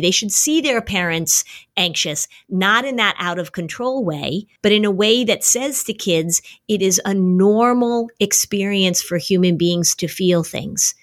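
A middle-aged woman, an anxiety expert, talking casually on a podcast and telling anecdotes in a lively way. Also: mid-range voice. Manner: animated storyteller, acts out voices in anecdotes.

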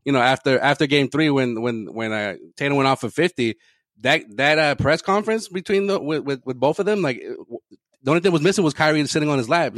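Guy on a sports podcast, rattles off takes fast, does little voices, dry close mic. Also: mid-range voice, dry recording. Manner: rapid, animated, acts out other people's voices. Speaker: podcast co-host. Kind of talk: casual sports chat.

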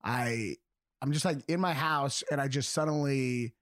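Brief: man, podcast co-host, mid pitch, laughs through his stories, dry close sound. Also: measured pace, fairly bright tone, no room sound. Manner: laughs often while telling stories. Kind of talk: casual chat.

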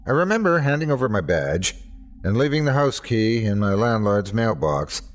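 A man's voice: lowish voice, big pitch swings, normal speed. A man hosting and narrating a scripted horror story in a tense, dramatic first-person telling. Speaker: host and narrator.

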